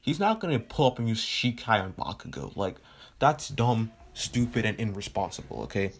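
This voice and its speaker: A man's voice: fairly low pitch, sing-song, normal speed, vocal fry, breathy edge. A man telling a fan story in a casual, rambling way with lots of fillers and swearing.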